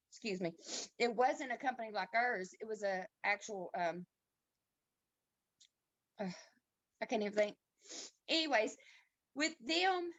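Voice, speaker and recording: A woman giving a heartfelt, halting testimony on a video call. She is tearful and pauses and restarts often. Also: fairly high pitch, a bit bright, dry recording. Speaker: team member sharing a testimony. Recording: dull, dry lo-fi call audio.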